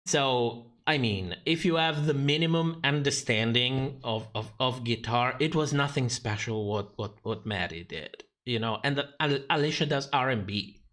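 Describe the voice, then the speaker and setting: A man's voice: medium pitch, normal speed, a bit bright. A man giving sarcastic, profane livestream commentary on a drag competition show, often laughing mid-sentence.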